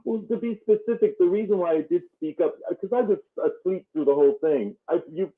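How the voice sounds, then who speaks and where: A man calling into a show, speaking haltingly and explaining himself carefully. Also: sits high. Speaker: caller. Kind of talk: call-in phone talk. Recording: tinny phone line.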